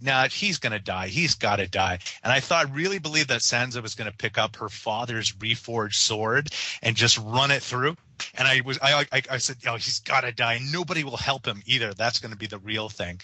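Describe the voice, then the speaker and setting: Man, very dry close sound, chatty co-host, bright tone. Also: mid-range voice, no echo, rough recording. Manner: chatty, halting with many fillers and restarts. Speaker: podcast co-host. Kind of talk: casual TV discussion.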